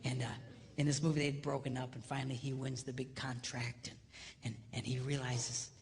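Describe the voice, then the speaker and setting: A middle-aged man giving a comedic marriage seminar, animated, acting out voices and dropping to a whisper for emphasis. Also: mid-range voice, a little fast, big-room sound, slight background noise. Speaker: seminar speaker.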